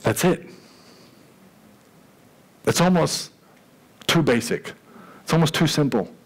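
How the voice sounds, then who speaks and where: A man preaching a sermon as pastor, in a conversational, animated way with jokey asides. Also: fairly high pitch, takes it slowly, low-quality recording.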